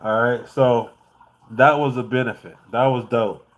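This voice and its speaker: A laid-back man from the United States recounts his trip in a loose, profane, easygoing way. His pitch sits in a middle range, and he chuckles now and then while he talks. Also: steady tone, measured pace. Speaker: vlogger. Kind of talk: casual travel storytelling.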